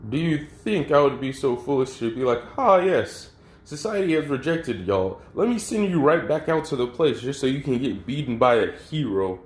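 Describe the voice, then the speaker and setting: A man voicing a young male hero turned villain leader, who sneers at his followers and then breaks into high-pitched screaming. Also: expressive, normal speed, lightly acted. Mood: scornful. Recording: roomy echo.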